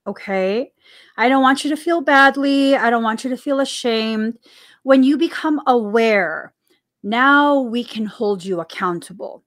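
A woman's voice: mid-range voice, fairly bright tone. A woman hosting a casual spiritual podcast, talking earnestly and repeating phrases for emphasis. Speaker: podcast host. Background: coffee sips between remarks.

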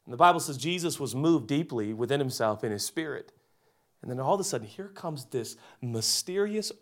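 A man in his forties preaching a sermon, swinging between loud emphasis and hushed, quiet delivery. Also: medium pitch. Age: 40s. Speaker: pastor.

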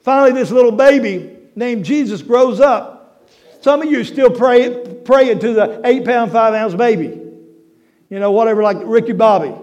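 Middle-aged guy preaching, really high voice, folksy and story-driven, gets loud and emphatic. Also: normal speed. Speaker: pastor. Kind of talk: sermon.

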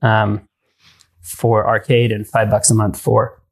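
A man's voice: fairly low pitch, completely flat delivery, slow pace, creaky. A man hosting a casual tech podcast who thinks aloud, with frequent ums and restarts. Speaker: podcast host.

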